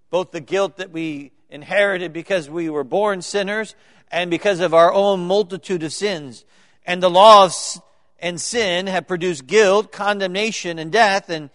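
A male pastor preaching a sermon, swinging between loud emphatic declarations and quiet joking asides to the congregation. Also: high voice. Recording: long reverb of a large hall.

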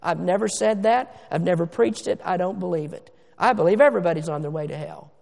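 A man preaching a sermon as pastor, emphatic, slowing down to stress words and swinging from loud to hushed. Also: high voice, vocal fry. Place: church sanctuary. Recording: long reverb of a church hall.

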